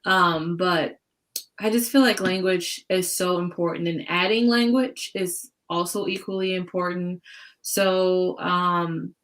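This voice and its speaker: A woman's voice: fairly low pitch, slow pace, fairly bright tone. A woman in a book club discussion on a video call, talking casually and hesitantly, searching for words and laughing often. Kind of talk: casual chat.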